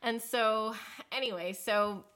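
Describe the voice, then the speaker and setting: Woman podcast cohost telling the story, lots of um and you know, bright crisp voice. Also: fairly high pitch, slow. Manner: chatty storytelling, recapping with frequent "um" and "you know". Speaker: podcast co-host. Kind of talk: casual chat.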